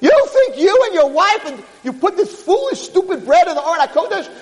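A man voicing a furious older male rabbi who shouts scornfully at a peasant. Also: very high-pitched, big pitch swings, extremely slow, voice pushed up, exaggerated voice. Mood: furious scolding. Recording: long hall reverb.

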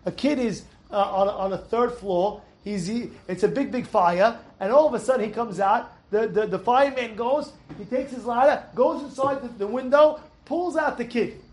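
Guy teaching a torah lesson, high voice, all animated, keeps asking the room questions and repeating himself. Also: moderate pace, hardly any pauses. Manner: animated, rhetorical questions, repeats and restarts words.

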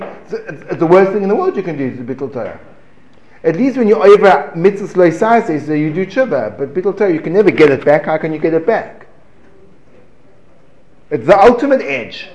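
A man giving a lively Torah class, asking rhetorical questions, breaking off mid-phrase and chuckling as he teaches. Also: high-pitched, dull audio. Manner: animated, rhetorical questions, self-interrupting and chuckling. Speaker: religious teacher. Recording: echoey room.

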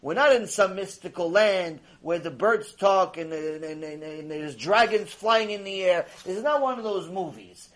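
A man giving a Torah lecture, telling stories and acting out dialogue in a lively, conversational way, mixing in Hebrew terms. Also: high voice, moderate pace, hardly any pauses. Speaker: rabbi lecturer.

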